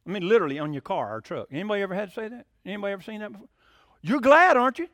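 Preacher guy telling homey stories, kinda high voice, dry sound. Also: expressive, very fast, fairly bright tone, no echo. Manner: folksy storytelling, asks congregation questions. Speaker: pastor. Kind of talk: sermon.

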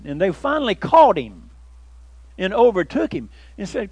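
A man preaching a sermon as pastor, folksy and conversational, breaking into loud emphatic bursts. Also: high-pitched, big pitch swings, normal speed, no echo.

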